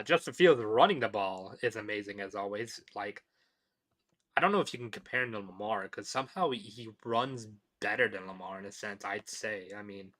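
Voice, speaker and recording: With a lowish, bright and forceful voice, a man hosts a casual sports podcast. He reads chat in a loose, rambling way, full of fillers and restarts.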